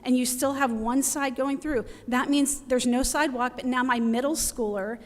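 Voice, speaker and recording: A woman's voice: high voice, fairly even intonation, normal speed. A middle-aged woman giving an impassioned public comment at a council meeting, pleading and close to tears. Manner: pleading, emotional, urgent. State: near tears. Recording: reverberant hall.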